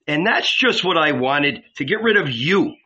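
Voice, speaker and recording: A man's voice: on the high side, sing-song, moderate pace, sharp tone, breathy edge, pitched above the performer's own voice, exaggerated voice. A man voicing a fiery male apostle breaking free, declaiming defiantly in a dull lo-fi recording. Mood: triumphant.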